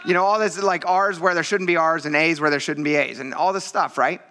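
Man, pastor, sermon, animated storyteller, high voice, bright tone. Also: fairly quick. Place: church.

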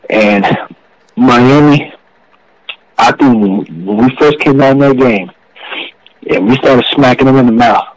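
A man's voice: medium pitch, no echo, poor audio. A man, a former football player telling an earnest, emotional story in an interview, full of "you know"s.

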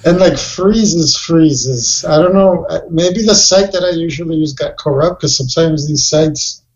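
A raised-pitch man with a gravelly, fry-laden voice tells stories on a podcast, rambling through fillers and cursing freely. The recording is dull and lo-fi. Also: a little slow. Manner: rambling, heavy swearing, lots of fillers. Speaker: podcast co-host. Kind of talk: casual chat. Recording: dull lo-fi sound.

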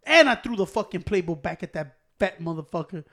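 Man, high voice, lively swings, profane, laughing, casual podcast chat. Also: brisk. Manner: profane, animated storytelling, loud laughs.

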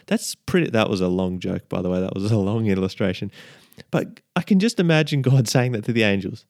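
A man's voice: on the low side, fairly quick, vocal fry, darkish tone, dry recording, clean studio sound. A man hosting a casual devotional podcast, chatty and repeating his key lines as he checks in with listeners. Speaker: podcast host.

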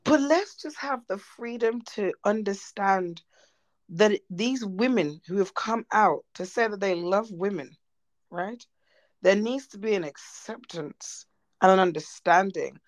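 A woman's voice: medium pitch, dry recording, poor audio. A woman co-hosting a podcast, talking bluntly and animatedly and swearing freely. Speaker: podcast co-host. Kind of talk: casual chat.

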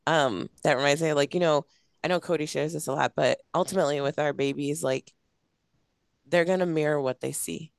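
In a relaxed interview chat, a young female podcast host and coach gushes away, leaning heavily on "like" as filler. She speaks briskly in a low-pitched voice with vocal fry and a clean tone, recorded at studio quality with no room sound.

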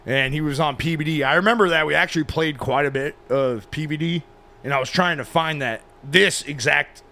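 A man co-hosting a podcast in casual, crude banter, swearing freely and breaking into loud shouted bits. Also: a little high, brisk. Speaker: podcast co-host.

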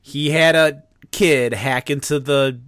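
A man with a fairly high voice chats casually about a film with his podcast partner. He laughs often and keeps the talk going with quick agreeing words. The sound is dry and close to the mic. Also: fairly even intonation, a bit bright, no room sound. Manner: laughs often and backs up the other speaker with short replies. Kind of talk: casual movie discussion.

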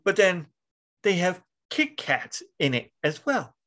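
Man, podcast host, casual chat, rambling, swears, laughs a lot, slightly high pitch. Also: big pitch swings, takes it slowly, fairly bright tone.

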